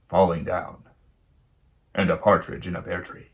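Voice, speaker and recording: A man voicing a male spy who speaks in code words, slow and grave. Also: low voice, flat delivery, vocal fry, voice pushed down. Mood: secretive. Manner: slow, grave, secretive delivery of nonsense rhymes.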